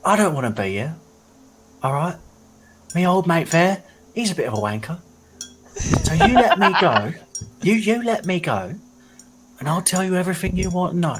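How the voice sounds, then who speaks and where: A man's voice: high voice, very animated, normal speed, long pauses, a bit bright, a little hiss or hum. A man voicing a shifty, crude male goblin who talks in cockney-style slang and bargains for his freedom. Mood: wheedling. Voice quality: cockney-style slang, bloke-ish mumble.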